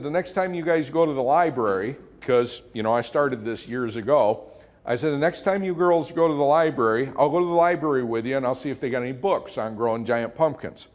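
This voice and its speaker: Middle-aged Midwestern speaker, folksy storyteller, mid-pitched, motivational talk to a club audience. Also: male voice. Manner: folksy, quotes his kids in animated voices.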